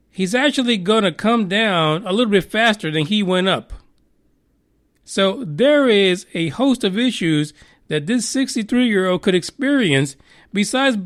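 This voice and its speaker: A man hosts a podcast news segment in a fairly high voice. He swears freely and mocks the story he reads, often breaking into laughter. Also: fairly bright tone. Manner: profane, mocking, laughs while reading. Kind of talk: crude comedic news commentary.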